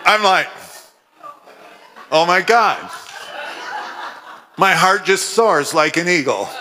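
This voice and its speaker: A man from Oregon giving a humorous, animated testimony sermon, with scripture recited fervently. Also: high voice, slight background noise. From Oregon, USA. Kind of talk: storytelling sermon.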